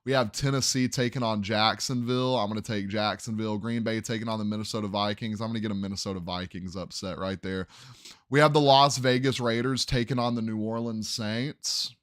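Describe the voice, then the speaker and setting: Smooth-voiced young man calling game picks. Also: fairly low pitch, fairly even intonation, brisk, no echo, studio quality. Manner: thinks aloud, second-guesses his picks. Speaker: sports podcast host. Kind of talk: casual sports prediction talk.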